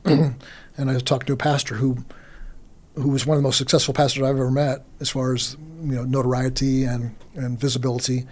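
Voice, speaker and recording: A man, a pastor, talking reflectively on a podcast in an earnest, halting way with many restarts. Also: medium pitch, a little mellow.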